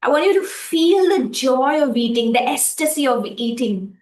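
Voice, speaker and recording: A woman coaching speaking skills in a livestream lesson, repeating phrases slowly to demonstrate stress and pauses. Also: high voice, expressive, darkish tone, roomy sound, distant mic, rough recording.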